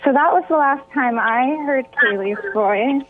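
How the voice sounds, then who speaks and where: A woman's voice: sits high, a little slow. A woman guest on a radio interview, telling a personal story with emotion that sometimes breaks into tears. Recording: tinny phone line.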